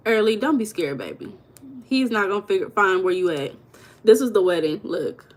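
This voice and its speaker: A woman's voice: medium pitch, animated, normal speed. A woman hosting a live stream, chatting casually with her viewers and laughing often. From United States. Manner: chatty, talks to chat viewers, calls them baby and girl; laughs often while talking.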